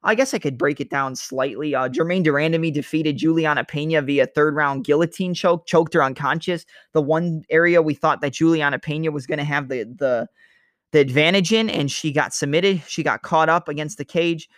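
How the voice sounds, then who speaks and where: A man's voice: fairly high pitch, brisk, fairly bright tone, no room sound, studio quality. A man hosting a casual fight-analysis show, talking loosely and analytically and sometimes imitating strikes with sound effects. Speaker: MMA analysis host. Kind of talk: casual fight breakdown monologue.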